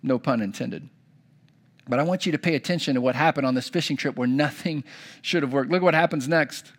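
A man's voice: medium pitch, fairly quick. A young adult man preaching a sermon to kids, telling a story and acting out the characters' lines. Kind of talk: children's sermon.

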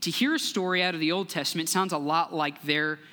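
A young man preaches in a bright, forceful voice, earnest and measured, and acts out the voices in his story. His voice rings with a long reverb from a large church hall. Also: on the high side, steady tone. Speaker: guest speaker, church relations director. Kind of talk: sermon with storytelling.

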